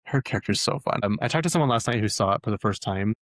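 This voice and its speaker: A man chatting casually as a vlog host, gushing and excitable with lots of fillers. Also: on the low side, fast talker, no room sound. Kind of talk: casual chat. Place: lives in Utah.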